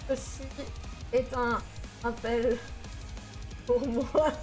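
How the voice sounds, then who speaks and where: A woman streamer, a native French speaker, chatting casually and reading her chat aloud, bubbly and excitable. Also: on the high side, extremely slow, soft background music. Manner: bubbly, excitable, squeals greetings to viewers.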